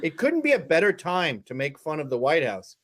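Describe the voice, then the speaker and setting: A man on a casual reaction panel, talking in an animated way and often mimicking people. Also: a little high, normal speed.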